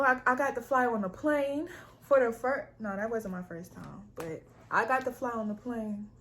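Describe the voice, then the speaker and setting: A woman's voice: on the high side, vocal fry. A young woman hosting a vlog, telling a story in blunt, profane, casual chat. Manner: blunt, profane, streetwise talk. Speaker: vlog host.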